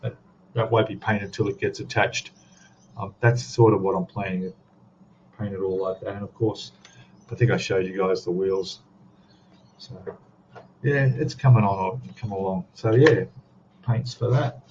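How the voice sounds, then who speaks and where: A relaxed Australian man chats his way through a hobby live stream, drifting between stories and viewers' messages. His voice sits a little low, and the stream audio is dull and lo-fi with a faint hiss underneath. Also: a little slow, pauses often. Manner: rambling, easygoing, reads chat aloud. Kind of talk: casual live stream chat.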